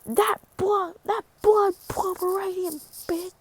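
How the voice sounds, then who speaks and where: A woman voicing an obsessive, unhinged teenage villain girl with a shrill, catty manner. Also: expressive, slow pace, dark tone, heavily acted.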